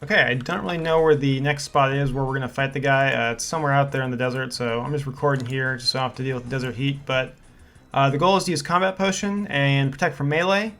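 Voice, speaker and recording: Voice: mid-range voice, fast, a bit bright, faint music behind. A gaming video creator talking to viewers, breathless and shaky with nerves and relief, repeating exclamations and rambling. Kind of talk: casual gameplay commentary to viewers.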